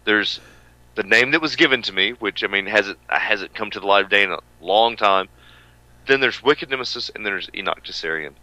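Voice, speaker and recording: A man co-hosting a wrestling radio show, with a booming voice that swings between hollering and low mutters. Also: brisk, pushed and bright, no echo, poor audio. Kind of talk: loud rambling radio banter.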